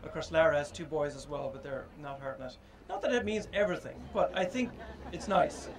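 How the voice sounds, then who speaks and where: A man speaking at an unveiling, his voice sitting a little high. He talks informally and thoughtfully, pausing often and filling gaps with ums as he goes. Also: a crowd in the background, poor audio. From Ireland. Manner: halting and reflective, with many pauses and fillers. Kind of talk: informal public speech.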